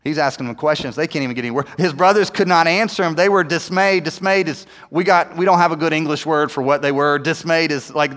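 A man preaching a sermon, telling the story with animated delivery and acting out the characters' lines. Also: fairly high pitch, big-room sound. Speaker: pastor.

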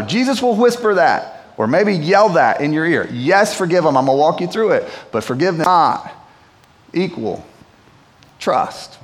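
A man's voice: sits high, sing-song, measured pace. A pastor preaching a sermon to his church in a conversational, storytelling manner. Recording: long hall reverb.

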